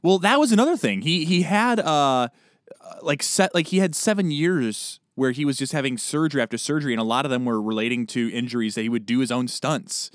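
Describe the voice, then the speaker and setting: A man in easy podcast chat, his voice sitting at an everyday middle pitch. He talks in an animated way, tossing in jokes and quick asides. The sound is dry and close, with no room around it. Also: dry recording. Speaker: podcast co-host. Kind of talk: casual chat.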